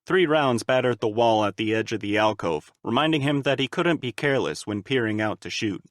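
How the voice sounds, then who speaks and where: A male narrator reads a fan-made audiobook in a steady, even storytelling voice at a middle pitch. The sound is dry and close, with no room to it. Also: a little fast, dry recording.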